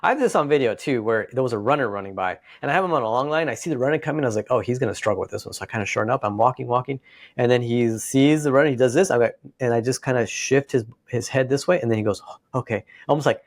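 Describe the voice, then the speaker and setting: Gravelly man telling dog training stories. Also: mid-range voice, rapid-fire, no echo, clean studio sound. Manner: storytelling, acts out dogs and owners. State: slightly congested. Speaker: podcast co-host, dog trainer. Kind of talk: casual podcast chat.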